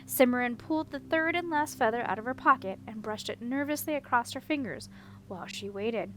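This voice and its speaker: A woman narrating a fantasy children's novel as an audiobook reader, steady and even. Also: sits high, a little fast, slight background noise, rough recording. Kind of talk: storybook narration.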